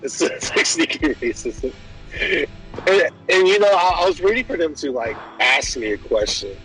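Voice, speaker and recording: A young man chatting on a podcast, with a slightly high voice that jumps way up whenever he acts out other people. He laughs through his stories and talks loosely, with light music playing faintly underneath. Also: normal speed, low-quality recording. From Filipino American. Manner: animated storytelling, laughing often, acting out voices. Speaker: podcast host. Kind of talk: casual chat.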